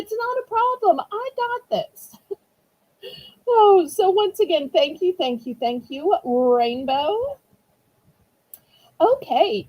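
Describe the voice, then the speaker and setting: A woman's voice: high-pitched, husky, low-quality recording. A woman with a Southern US accent hosting a live auction stream, chatty and explaining how bidding works. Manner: chatty, warm explanations with laughs. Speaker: auction host.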